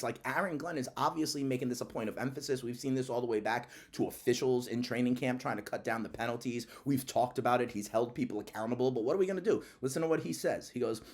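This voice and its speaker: Male sports channel host, lively pitch, emphatic and repetitive delivery in casual commentary.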